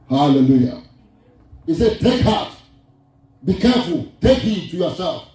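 A man's voice: a little high, big pitch swings, measured pace, pauses often, mellow. A man preaching a sermon, repeating his lines for emphasis in a sing-song cadence. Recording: distant, very echoey hall with faint music.

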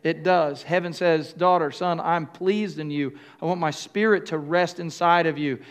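High-voiced older man preaching. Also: steady tone, smooth. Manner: call-and-response with the congregation; halting, with restarts and fillers. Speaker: pastor. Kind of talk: sermon.

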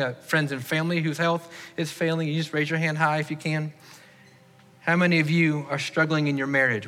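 A man's voice: a little high, sharp tone. A man preaching a sermon as pastor, earnestly asking the congregation to raise their hands. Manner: earnest, leads the congregation in raised-hand questions. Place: church sanctuary. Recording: long hall reverb.

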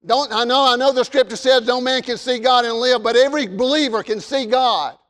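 A man preaching a sermon from the pulpit in an emphatic way, repeating phrases and rising to shouts. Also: extremely high pitch, brisk. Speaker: pastor. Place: church sanctuary. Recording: long reverb of a large hall.

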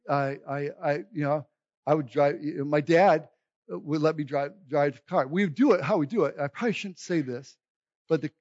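A man with a fairly high voice preaches in an animated, meandering storytelling style. He circles back and restarts his lines, then jumps into loud, excited outbursts. The recording is close and dry, with a slightly muffled, dull tone. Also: dry recording. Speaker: pastor. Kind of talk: humorous sermon storytelling.

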